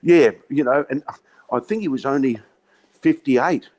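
This guest is a Western Australian ex-cricket captain in his sixties, talking at a medium pitch, a little slowly, with a slightly mellow tone. In a casual chat he tells yarns, laughs a lot, and addresses everyone as "mate." The recording is rough.

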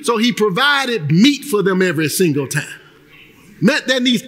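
A male pastor preaching a sermon, breaking into shouted emphasis and acting out the people he quotes. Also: extremely high pitch, lively intonation, normal speed, long reverb tail.

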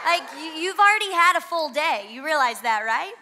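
A young woman from Louisiana with a Southern twang, preaching an energetic sermon as guest pastor and urging the congregation to join in. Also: very high voice, fairly quick, background noise. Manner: energetic, exhorts the crowd to shout along. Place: church auditorium.

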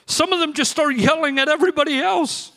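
A man preaches from the pulpit with a high, bright voice. His energetic storytelling swells into emphatic bursts. A long reverb of the church hall trails his words, with soft music underneath. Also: brisk. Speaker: pastor. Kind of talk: sermon. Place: church sanctuary.

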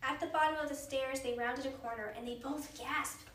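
A woman reads a children's chapter book aloud, gentle and expressive, with a fairly high voice. The room is echoey and she sounds a bit away from the mic, with a faint hiss underneath. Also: normal speed, distant mic. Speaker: reader.

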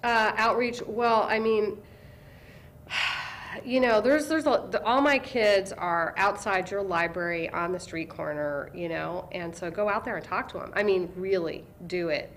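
A woman being interviewed as a librarian, telling stories with lively energy and briefly imitating the excited kids she works with. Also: medium pitch. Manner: animated storyteller, acts out kids' voices with excitement. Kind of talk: conversational interview.

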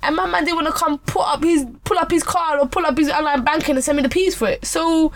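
A woman's voice: high-pitched, fairly even intonation, fast, crowd noise. A young woman co-hosting a podcast, telling stories animatedly in casual slang. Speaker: podcast co-host. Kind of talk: casual chat. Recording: noisy podcast recording.

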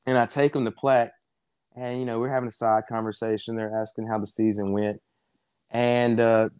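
Coach in his twenties, smooth tone, dry close recording, rambling relaxed chat. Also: mid-range voice, normal speed, no room sound. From South Georgia, US. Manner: relaxed storyteller, many fillers. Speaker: wrestling coach, guest. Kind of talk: casual interview chat.

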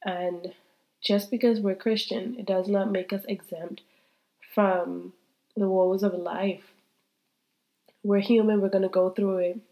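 A woman's voice: medium pitch, steady tone, measured pace, pauses often, dark tone. A woman in her thirties hosting a faith-based podcast, speaking candidly and heartfelt, still congested from a cold. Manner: heartfelt, repetitive, talks straight to listeners. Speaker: podcast host.

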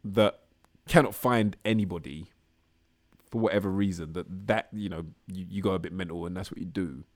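A man co-hosting a podcast in casual, swearing chat, often laughing. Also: normal speed. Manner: laughing, swearing, animated retelling with squealing high put-on voices. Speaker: podcast co-host.

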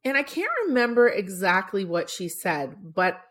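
A woman's voice: medium pitch, animated, normal speed, fairly bright tone. A woman hosting a podcast, telling a story in a chatty, casual way with many filler words and moments of being choked up. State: choked up at times. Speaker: podcast host.

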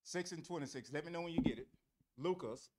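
Guy teaching bible verses, kinda high voice, keeps asking the room "what?". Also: a little fast, very noisy. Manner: quizzes listeners with fill-in questions; repeats phrases for emphasis.

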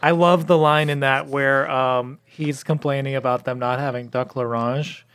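A man co-hosting a podcast, talking about movies in a relaxed, amused way. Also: mid-range voice, moderate pace, clean tone. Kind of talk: casual movie chat.

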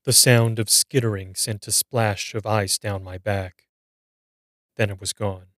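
A man narrating a scripted horror story in a measured, grave reading. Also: on the low side, fairly even intonation, fairly bright tone, no room sound, clean studio sound.

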